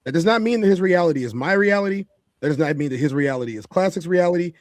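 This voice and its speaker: A man's voice: on the high side, expressive, quick pace, dry recording. Preachy, emphatic male talk-show host. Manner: emphatic and preachy, repeats his points for effect. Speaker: podcast co-host. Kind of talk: opinionated talk-show commentary.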